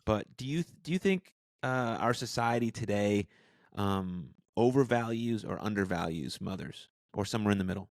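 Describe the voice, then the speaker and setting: A man hosting a podcast interview, asking questions and adding brief comments in a measured way. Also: fairly low pitch, animated, gravelly. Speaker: podcast host. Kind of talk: interview conversation.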